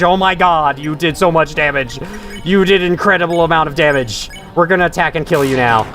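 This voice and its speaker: A man's voice: fairly high pitch, fairly quick, fairly bright tone, soft background music. A man streaming a game live from his room at home, chatting with viewers as he plays and swearing when things go wrong. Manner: chatty, reads chat aloud, swears when frustrated. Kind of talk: live gameplay commentary.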